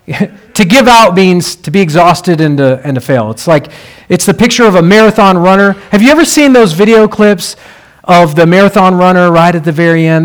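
A preacher delivering a sermon in a fairly high male voice. He tells stories in a conversational way and then swells into emphatic, rallying lines.

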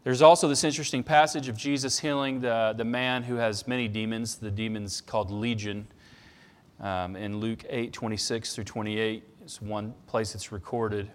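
A man's voice: lowish voice, fairly even intonation, moderate pace. A man preaching a sermon, telling stories conversationally and pressing points with emphasis. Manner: conversational storytelling with emphatic passages. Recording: long reverb of a large hall.

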